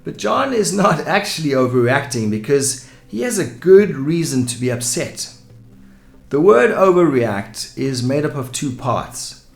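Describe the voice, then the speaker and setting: Man explaining English idioms, echoey room. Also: fairly high pitch. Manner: clear, explanatory, with example sentences. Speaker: English teacher. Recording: echoey room with soft music.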